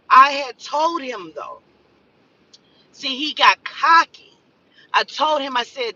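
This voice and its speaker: A woman in her forties, a spiritual advisor, telling a story in casual, profane, animated talk and acting out the voices of others. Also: high voice, slow pace, long pauses, recorded from a distance, highs cut off.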